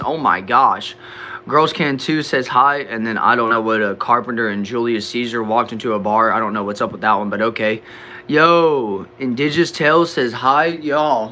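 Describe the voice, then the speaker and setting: A man's voice: medium pitch, sharp tone, slight background noise. Upbeat young man reading live chat. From Texas, USA. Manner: upbeat, chatty, reads comments aloud. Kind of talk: casual live-stream chat.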